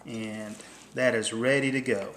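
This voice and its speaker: A man, hosting a casual cooking demonstration in a kitchen, talking in a relaxed, folksy, plain-spoken way. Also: medium pitch, a little slow, slight background noise. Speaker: company host demonstrating cooking. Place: indoor kitchen. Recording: roomy kitchen echo.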